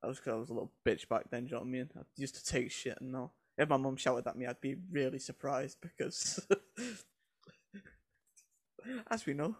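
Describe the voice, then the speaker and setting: A man's voice: mid-range voice, moderate pace, dry recording, studio quality. A young man, co-hosting a podcast in blunt, jokey, sweary casual chat. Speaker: co-host.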